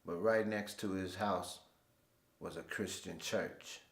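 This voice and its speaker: A man's voice: sits low, steady tone, slow, vocal fry, reverberant. A man hosting his own show, telling stories in a laid-back, slangy way. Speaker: host. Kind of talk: casual storytelling monologue.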